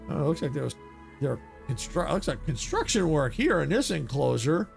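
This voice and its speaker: Creaky-voiced gaming streamer. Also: male voice, on the high side, normal speed, faint music behind. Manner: casual, thinking aloud, excitable. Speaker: video game streamer. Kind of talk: live gameplay commentary.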